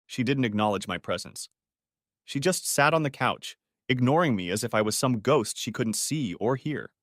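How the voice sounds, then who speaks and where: Man narrating a story, expressive. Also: mid-range voice, normal speed, dry recording, clean studio sound. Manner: reflective, emotional storytelling. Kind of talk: first-person audiobook story narration.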